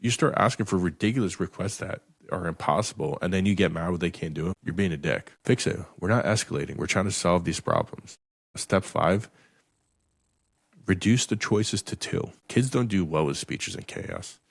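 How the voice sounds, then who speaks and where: A man's voice: low-pitched, expressive, moderate pace, vocal fry, slightly rough, no echo, clean studio sound. A man hosting a podcast, talking bluntly and emphatically, swearing often and repeating words as he restarts his sentences. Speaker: podcast host. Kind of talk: blunt motivational podcast talk.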